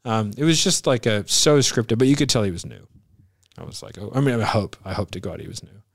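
A man's voice: fairly low pitch, brisk, creaky, no room sound, clean studio sound. A man hosting a casual podcast chat, telling stories animatedly and acting out the people he quotes with bursts of laughter. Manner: animated storyteller, acts out quoted voices with laughs. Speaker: podcast host.

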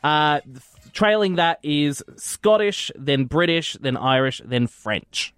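An Australian man presenting news items on the radio in a plain, measured way. His voice sits a little high and sounds dry and close on the mic. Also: animated, fairly bright tone, clean tone, dry recording. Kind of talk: reading news items in chat.

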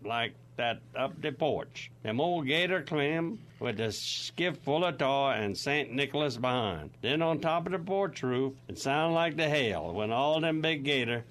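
A man's voice: medium pitch, lively intonation, a little slow, hardly any pauses, fairly bright tone, a little hiss or hum. An older man with a Cajun accent, reading a rhyming dialect poem aloud with a folksy rhythm. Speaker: guest reader.

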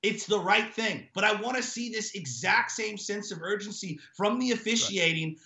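Ranting high-voiced sports talk man. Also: normal speed, roomy sound. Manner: animated, ranting, emphatic repetition. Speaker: sports radio co-host.

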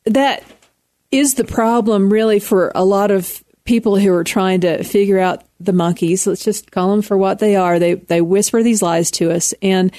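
A woman's voice: medium pitch, fairly even intonation, moderate pace, dark tone, no room sound, studio quality. A woman in her fifties with a Texan accent, an author speaking earnestly as a radio interview guest. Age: 50s.

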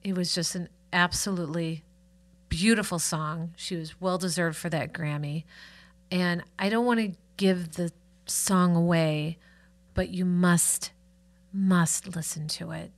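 A woman's voice: on the low side, steady tone, a little slow. A middle-aged woman co-hosting a podcast, telling stories in a chatty, enthusiastic way. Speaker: podcast co-host. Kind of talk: casual chat.

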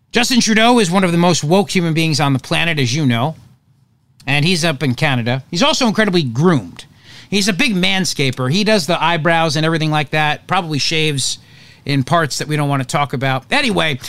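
Animated sarcastic male talk host. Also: a little high, no room sound. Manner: sarcastic, animated, jokey asides. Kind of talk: opinionated talk radio monologue.

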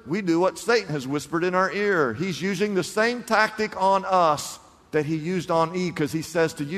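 A high-voiced male pastor preaching with animated swings between shouted lines and near-whispers. His voice rings out through a church, with a long reverb trailing each phrase. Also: normal speed. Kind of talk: sermon.

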